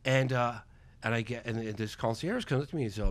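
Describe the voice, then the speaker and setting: A man in his forties, a documentary filmmaker, telling a story as a podcast guest and acting out the dialogue in a lively way. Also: mid-range voice, no echo. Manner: lively, acts out quoted dialogue, fast and excitable. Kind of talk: animated storytelling in a podcast interview. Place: podcast studio.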